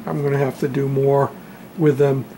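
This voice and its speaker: Man, hobbyist show-and-tell, gravelly, slow and halting, faint background noise, home workshop. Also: mid-range voice, flat delivery, dark tone. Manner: unhurried, halting, with many fillers. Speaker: model railroad hobbyist showing his painted backdrop.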